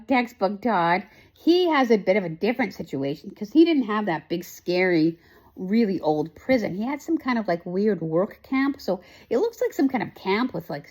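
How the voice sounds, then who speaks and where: Rambling, emotional woman recapping a show. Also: medium pitch. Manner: emotional, rambling, many fillers and restarts. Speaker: host. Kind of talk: casual chat, recapping a TV show.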